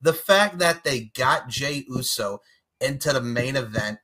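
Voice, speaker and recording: A man hosting a casual podcast chat, animated and quick to laugh as he hands the talk to his co-hosts. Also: medium pitch. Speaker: podcast host.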